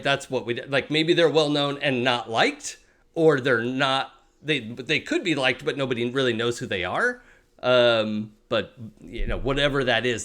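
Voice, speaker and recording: A man's voice: mid-range voice, a bit bright. A young adult man narrating a tabletop role-playing game as game master, with many fillers and restarts.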